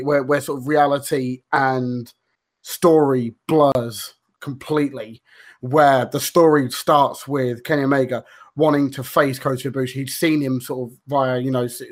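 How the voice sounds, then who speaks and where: A man chatting loosely on a podcast. He rambles, backtracks and swears freely, filling gaps with ums and uhs. His voice sits at an ordinary middle pitch. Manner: rambling, swears freely, many fillers and restarts. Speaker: podcast co-host. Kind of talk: casual podcast chat.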